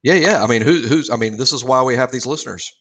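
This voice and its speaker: A man co-hosting a podcast, chatting casually and reacting to stories with quick jokes and laughter. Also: mid-range voice, a bit bright. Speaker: podcast co-host. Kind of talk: casual chat.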